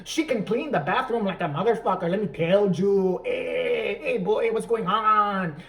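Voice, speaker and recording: A man doing a loud, drawn-out mocking impression of a male celebrity putting on a fake Spanish accent. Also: high-pitched, vocal fry, recorded from a distance, full character voice.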